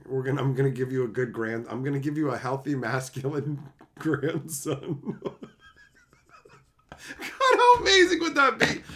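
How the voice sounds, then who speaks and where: Here a man from Canada is live streaming: he reads out chat messages, jokes in a crude way with frequent laughter, and sometimes drops down into low, sincere advice.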